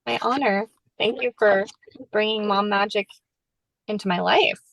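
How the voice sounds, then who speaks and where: A woman's voice: medium pitch, unhurried, gravelly, a bit bright, no room sound, rough recording. A woman author chatting on a podcast, talking in an earnest, reflective, spiritual way. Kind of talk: casual podcast chat.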